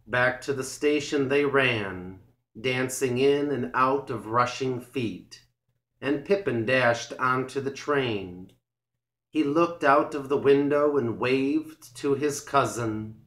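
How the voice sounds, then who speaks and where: A man narrating a children's story in a slow, clear, deliberate way for English learners. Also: mid-range voice, a bit bright. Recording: roomy echo.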